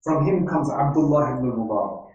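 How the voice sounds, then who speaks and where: Here a man of medium pitch and normal speed, with a darkish tone, gives an Islamic religious lecture full of stories, Arabic quotes, and repeated "right?" check-ins. The sound is muffled, recorded in an echoey hall with him standing far from the mic.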